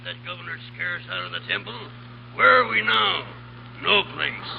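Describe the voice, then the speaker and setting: An actor playing an excitable pirate sailor in a 1930s radio drama, calling out in a strained, gravelly voice. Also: male voice, high voice, moderate pace. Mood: uneasy. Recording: muffled, hissy 1930s radio broadcast.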